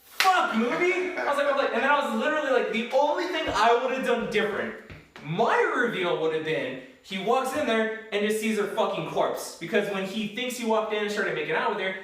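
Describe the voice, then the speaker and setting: A man reviewing a movie in casual, profane chat, animated and acting out quotes. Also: high-pitched, a little fast, distant mic. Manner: animated, swears a lot, acts out quotes. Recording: echoey room, off the mic.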